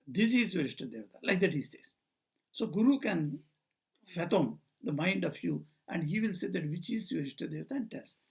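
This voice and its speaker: A man's voice: high-pitched, expressive, normal speed, vocal fry, darkish tone, husky. An older man, a monk, giving an informal spiritual talk indoors, telling stories and acting out the dialogue in them. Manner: storytelling, acts out quoted dialogue, digressive. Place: talk at a society house, indoors.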